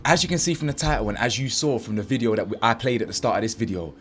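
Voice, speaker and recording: A man's voice: mid-range voice, lively intonation, very fast, background noise. A man hosting his own commentary channel, ranting in a blunt, mocking, slangy way.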